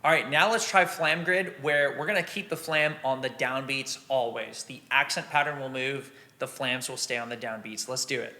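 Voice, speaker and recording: A man teaching drum rudiments in a relaxed, practical way, sometimes scatting the rhythms aloud. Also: medium pitch, normal speed, few pauses, heavy background noise. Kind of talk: instructional explanation.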